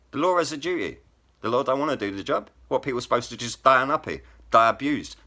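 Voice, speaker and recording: Forceful, sharp-voiced man ranting. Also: mid-range voice. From England. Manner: blunt, heavily profane, repeats "bruv" and "innit". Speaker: vlogger and rap poet. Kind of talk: angry to-camera rant.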